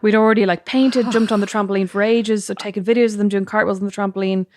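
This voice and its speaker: An Irish woman co-hosting a podcast, chatting quickly and jokingly about her week. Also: mid-range voice, steady tone, darkish tone. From Ireland. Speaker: podcast co-host. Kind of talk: casual chat.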